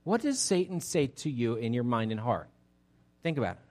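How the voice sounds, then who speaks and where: A man as pastor giving an interactive sermon, energetic and chatty with frequent restarts. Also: medium pitch, normal speed.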